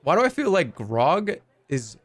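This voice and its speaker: Animated joking male streamer. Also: on the high side, a little slow. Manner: animated, joking, swears casually. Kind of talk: casual gameplay commentary.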